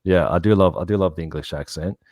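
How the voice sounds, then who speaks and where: A middle-aged Australian man with a very low voice talks in a rambling, easygoing way as an interview guest. The recording is dry and close, with no room sound. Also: fast, a little mellow, dry recording. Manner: rambling, laid-back. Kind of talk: casual interview chat.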